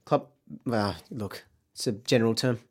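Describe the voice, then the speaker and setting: A man's voice: fairly low pitch, moderate pace, darkish tone. An Australian man hosting a podcast in casual chat, rambling, laughing often and swearing freely. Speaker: podcast host.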